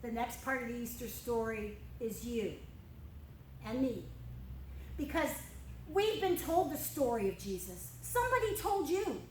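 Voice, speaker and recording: A woman with a bright, high voice leads a children's Bible lesson, drawing as she goes. She tells the story expressively and keeps asking the kids questions. Her voice rings a little in a roomy church space over a faint hiss. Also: a little slow. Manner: expressive, addresses children directly. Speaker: children's ministry teacher. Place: church room.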